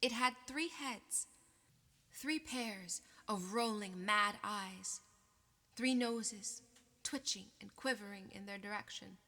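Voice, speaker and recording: A woman with a medium-pitched voice reads an audiobook aloud in a measured, expressive way. The narration carries a long reverb.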